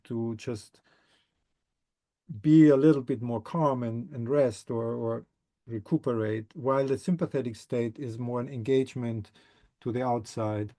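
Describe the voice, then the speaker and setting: A man who teaches somatic movement, answering a question in a halting, thoughtful way with frequent restarts. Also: mid-range voice, fairly even intonation, warm tone. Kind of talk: explanatory talk answering a question.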